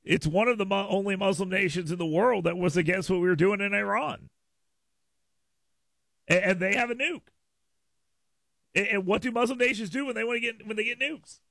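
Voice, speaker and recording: A man's voice: high-pitched, moderate pace, gravelly, pauses often, fairly bright tone, dry recording. An American man hosting a talk radio show, giving his opinions in a monologue. He stammers and restarts often, doubling the first words of his sentences. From United States.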